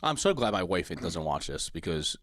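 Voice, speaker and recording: A man's voice: deep voice, sing-song, moderate pace, a bit bright, dry recording, studio quality. A man co-hosting a podcast in casual chat, easygoing and rambling. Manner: rambling, repeats himself, easygoing. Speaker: podcast co-host.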